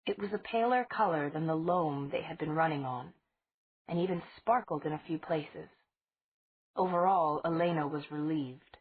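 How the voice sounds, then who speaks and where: A woman narrating an audiobook in a measured, unhurried reading. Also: deep voice, breathy edge, dry recording. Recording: tinny phone-like sound.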